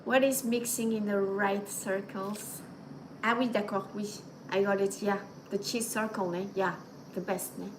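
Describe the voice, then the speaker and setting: A woman's voice: medium pitch, steady tone, a little slow, noisy background. A middle-aged woman with a French accent, chatting casually with viewers as a host and dropping in French and Japanese words. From France. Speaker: channel host. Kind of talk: casual livestream chat.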